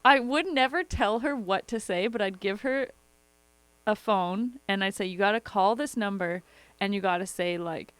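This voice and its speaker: A woman's voice: mid-range voice, normal speed, fairly bright tone, clean tone, dry recording. A young woman co-hosting a podcast in casual chat, swearing freely and telling stories with laughter. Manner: profane, storytelling with laughter. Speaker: podcast co-host.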